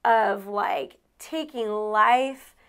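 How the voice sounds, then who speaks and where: A woman's voice: mid-range voice, extremely slow, a bit bright, clean tone. Earnest, emotional woman in candid chat. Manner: emotional, earnest, laughs often; rambling with frequent restarts. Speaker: co-host sharing marriage story.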